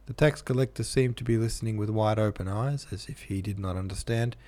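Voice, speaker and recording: A man narrating a classic novel aloud in a measured, even manner. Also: on the low side. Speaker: audiobook narrator.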